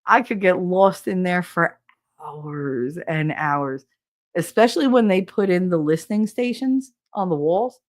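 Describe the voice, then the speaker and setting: A woman's voice: fairly low pitch, measured pace. A middle-aged woman, a podcast co-host, telling stories in a casual, candid and profane way, often quoting others. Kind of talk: casual storytelling.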